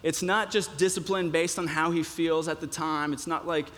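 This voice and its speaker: Young male preacher, slightly high voice, chatty sermon delivery full of fillers, big hall reverb. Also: steady tone, normal speed, a bit bright. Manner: conversational, with many fillers and restarts.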